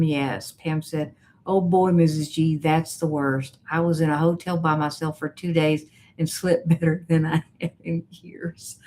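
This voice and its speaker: A woman hosting a casual live stream as a coach, reading viewer comments aloud in a chatty, unhurried way with soft laughs. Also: deep voice.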